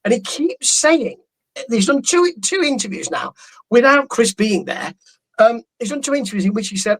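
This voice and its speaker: A man's voice: very high-pitched, sing-song, normal speed, husky, low-quality recording. Rambling, amused male podcast co-host. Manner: rambling, amused, stumbles and restarts. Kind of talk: casual boxing podcast chat.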